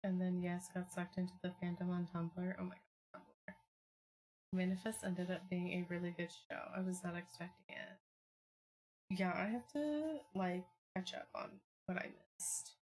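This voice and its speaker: Young woman streamer, slightly low voice, rambling casual chat full of fillers, excitable bursts, home desk mic. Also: moderate pace, slight background noise.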